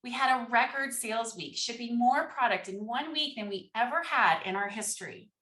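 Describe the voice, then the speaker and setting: A woman giving a conference keynote as a speaker, telling a story and acting out quoted dialogue with animated energy. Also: on the high side, moderate pace, roomy sound.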